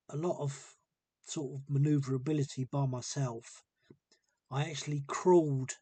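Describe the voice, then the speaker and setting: A man tells a personal story in a loose, rambling monologue, circling back and repeating himself with earnest feeling. His voice is husky and slightly breathy, recorded close and dry with no room sound. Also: medium pitch, dark tone, dry recording. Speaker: vlogger telling a personal story.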